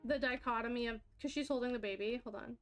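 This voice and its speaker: A woman talks to her chat while she plays, thanking followers and reacting loudly when things go her way. Her voice sits high and bright. Faint game music plays in the background. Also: fast talker. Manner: chatty, excitable, talks to chat while playing. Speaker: streamer. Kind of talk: live game stream chat.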